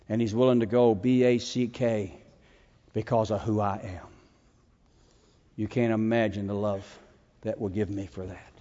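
A man preaching in a seminary chapel while working a dog, swinging between loud commands and soft, hushed points. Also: mid-range voice, moderate pace. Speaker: chapel speaker training a dog. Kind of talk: sermon with a live dog demonstration. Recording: echoey hall, dull lo-fi sound.

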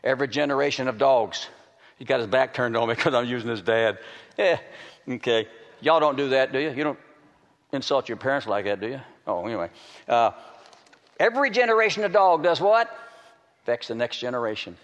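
A man preaching a folksy sermon, rising into loud emphatic bursts. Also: medium pitch, fairly quick. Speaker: preacher and dog trainer. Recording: long reverb of a large hall.

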